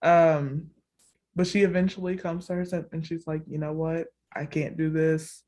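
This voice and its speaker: Woman podcast co-host, casual storyteller, laughs a lot, acts out the quotes. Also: normal speed. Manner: animated storytelling, acts out quotes with big pitch jumps; laughs often, fills with "like" and "all the things". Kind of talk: casual chat recapping a reality show.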